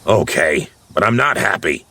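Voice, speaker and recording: A man's voice: deep voice, big pitch swings, normal speed, pushed and bright, exaggerated voice. A man voicing a grumbling, pessimistic male Smurf in an audio storybook, whining and groaning. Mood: whiny. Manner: whiny, groaning.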